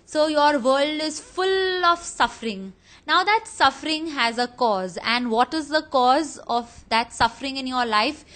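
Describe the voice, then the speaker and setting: A woman gives a history lesson, and her voice sits notably high. She explains things patiently and turns to her students often, asking them questions. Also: measured pace, fairly bright tone, poor audio. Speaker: teacher.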